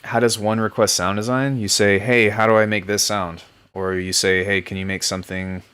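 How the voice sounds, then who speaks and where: A man hosting a live stream from home as a music producer, chatting casually in a relaxed, joking way. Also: lowish voice, normal speed, clean tone. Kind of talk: casual livestream chat.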